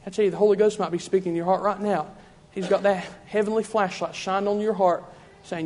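A preacher man delivers a revival-style sermon in a church, his fervent cadence circling back on the same phrases. His voice sits high for a man. The sound carries a long reverb from the hall. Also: steady tone, a little fast, few pauses, darkish tone.

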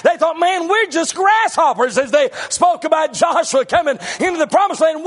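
A middle-aged man preaching a sermon in a strikingly high voice. He talks in a folksy way, breaking into shouts and then dropping to low asides.

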